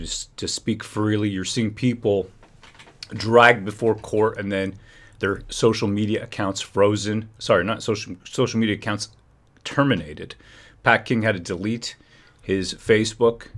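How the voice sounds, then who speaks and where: Deep-voiced man ranting on a livestream. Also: fairly bright tone. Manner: heated, ranting, restarts phrases. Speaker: livestream host. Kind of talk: live-stream commentary.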